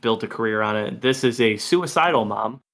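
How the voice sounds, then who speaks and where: A man hosting a movie podcast, talking in a relaxed, rambling way with frequent laughs. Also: mid-range voice, a little fast, creaky. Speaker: podcast host. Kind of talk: casual movie podcast chat.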